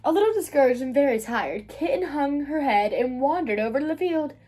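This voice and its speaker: A woman from the United States reading a children's picture book aloud, expressive and sing-song. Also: sits high, fairly quick. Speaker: children's book reader, channel host. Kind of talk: read-aloud storytelling.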